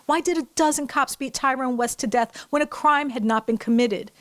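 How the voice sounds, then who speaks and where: A woman host delivering scripted news commentary in a measured way, posing rhetorical questions. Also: sits high.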